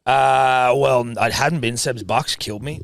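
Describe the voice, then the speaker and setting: A man's voice: mid-range voice, unhurried, vocal fry, a little hiss or hum. An Australian man co-hosting a sports podcast, rambling and joking as he tells stories and reads ads. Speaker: podcast co-host. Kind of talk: casual sports banter.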